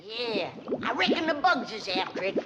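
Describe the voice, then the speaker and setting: A feisty old granny with a rural Southern twang, folksy and bossy. Her high voice swoops all over. She comes from an old sitcom, with a loud studio laugh track and noise around her. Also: very animated, normal speed, over a noisy crowd. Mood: easygoing. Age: older. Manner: folksy, bossy yet comforting. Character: feisty old hill-country grandma.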